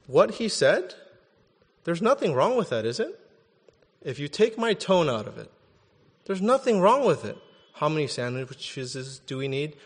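A man preaching a sermon in an animated, conversational way, often checking in with "right?". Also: on the high side, slightly rough, long reverb tail. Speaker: pastor.

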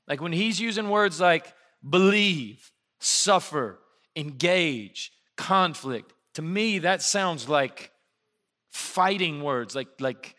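A man from Alabama delivers a sermon with a bright, forward tone and a slightly raised pitch. He talks to the church like he is telling stories to friends, animated and relaxed. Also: measured pace. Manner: conversational, animated storytelling with laughs. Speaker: pastor.

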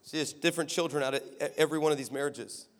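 A man from Texas preaching an energetic, comedic sermon, telling stories with voices and sudden shouts. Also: fairly high pitch, rapid-fire. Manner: animated storytelling with voices and shouts. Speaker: guest preacher. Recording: echoey hall with long reverb.

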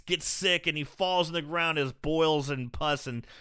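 A man's voice: a little high, unhurried, sharp tone, smooth. A man in casual chat, retelling a horror movie's scenes with swearing and jokes. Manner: swearing, joking, retells scenes in put-on voices. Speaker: podcast co-host.

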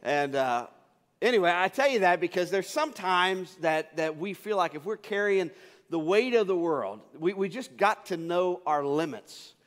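A man gives a sermon as pastor, his voice sitting a touch high. He talks casually, often doubling back to restart his sentences. The sound rings with the long reverb of a large hall. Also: lively intonation, moderate pace, fairly bright tone. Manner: casual storytelling with frequent restarts.

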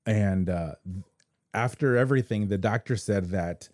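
A man co-hosting a podcast, telling a personal story in casual chat, halting and restarting his sentences. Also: fairly low pitch, darkish tone, dry recording, studio quality. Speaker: podcast co-host. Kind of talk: casual conversation.

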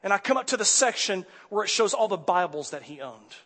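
Animated high-voiced male preacher. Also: a little fast, slightly rough. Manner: animated, swings from quiet to loud exasperation. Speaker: pastor. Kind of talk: sermon storytelling. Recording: hall reverb.

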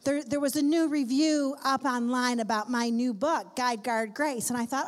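A woman's voice: high voice, normal speed. A woman speaking at a women's conference, preaching emphatically to a live audience and building her points in repeated lists. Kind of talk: sermon.

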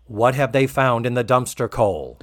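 A podcast co-host recapping a TV episode in casual chat, animated and quoting the characters. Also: medium pitch, moderate pace, no echo, studio quality. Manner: animated, quotes and mimics characters.

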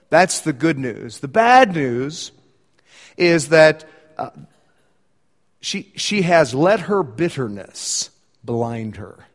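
A man preaching a sermon in an earnest, conversational way, shifting his loudness for emphasis. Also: on the high side, long reverb tail. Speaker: pastor.

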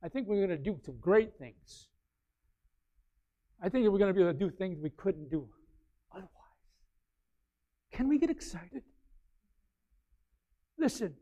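A male pastor preaching a sermon, animated, swinging between quiet asides and loud bursts. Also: sits high, a little slow, pauses often. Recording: slightly dull, lo-fi sound.

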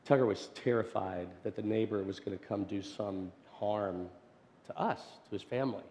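Pastor storytelling in a reverberant hall. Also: male voice, on the low side, moderate pace, slight background noise. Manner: animated storyteller, swinging from loud to hushed. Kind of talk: storytelling sermon. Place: church sanctuary.

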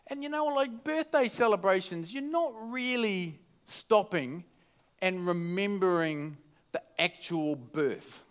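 Man pastor with a high voice who preaches casually at a church service. He is chatty and jokey and keeps restarting his sentences. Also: slow pace, smooth. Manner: chatty and joking, with many restarts. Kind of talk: casual sermon. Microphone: microphone.

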